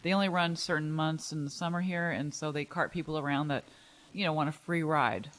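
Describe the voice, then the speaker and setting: A woman's voice: low-pitched, brisk. Woman co-host, teasing, laughs easily, casual talk. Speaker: co-host, host's wife. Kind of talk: casual chat.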